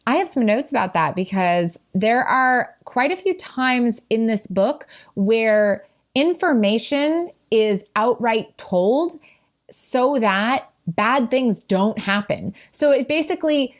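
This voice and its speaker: A woman's voice: on the high side, expressive. Earnest woman podcaster discussing a book. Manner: thoughtful, earnest, measured commentary with small restarts. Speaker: podcast co-host. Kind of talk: casual book-discussion chat.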